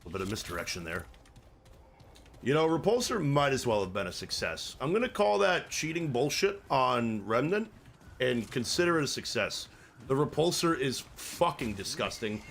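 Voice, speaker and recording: A man's voice: mid-range voice, very animated, moderate pace, vocal fry, fairly bright tone, slight background noise. Crude joking male game streamer. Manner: crude, joking, rambling banter. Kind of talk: live gameplay commentary.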